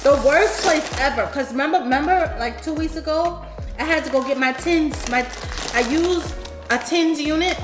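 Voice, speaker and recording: A woman's voice: sits high, moderate pace, reverberant, music in the background. A woman with a New York accent chatting casually over a meal for a vlog, telling a story with frequent laughs. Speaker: vlogger. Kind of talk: casual mukbang chat. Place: home room, eating at a table.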